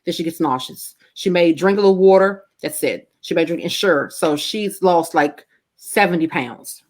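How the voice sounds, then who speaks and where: A woman's voice: on the low side, moderate pace, a little mellow. A middle-aged woman in casual podcast chat, telling a personal story candidly and emotionally, with frequent swearing. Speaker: podcast guest co-host.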